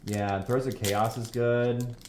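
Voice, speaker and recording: A man in casual chat, reading card names slowly with frequent "uh"s and hesitations. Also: medium pitch, little pitch movement, background noise. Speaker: co-host opening card packs.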